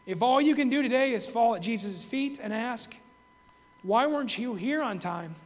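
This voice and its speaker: Reflective high-voiced male preacher, hall echo. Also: lively intonation, moderate pace. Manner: reflective, reads scripture aloud in King James wording. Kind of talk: devotional Bible teaching.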